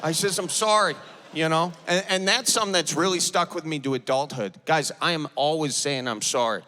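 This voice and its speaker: A man's voice: on the high side, brisk, bright, forceful tone, in a large hall. A man from the American Midwest with an Upper Midwest accent, performing a stand-up comedy set and acting out people in dialogue. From Midwest United States. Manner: self-deprecating, acts out characters in dialogue. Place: large theater stage with audience.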